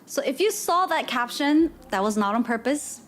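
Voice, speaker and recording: A woman's voice: sits high, lively intonation, normal speed. A woman streamer chatting casually with her live chat, rambling and correcting herself as she goes. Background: faint music.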